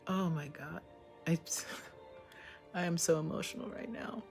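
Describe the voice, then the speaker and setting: A woman's voice: lowish voice, measured pace, creaky, a little mellow, faint music behind. A woman hosting a live reaction to a TV episode, talking emotionally and exclaiming at each scene. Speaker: show reaction host.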